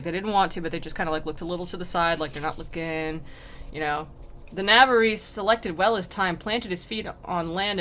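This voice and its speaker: Bright-voiced woman casually retelling verse. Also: on the low side, slight background noise. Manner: reads archaic verse aloud, then paraphrases it with many fillers. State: sore throat. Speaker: streamer. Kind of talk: casual retelling of a classic poem.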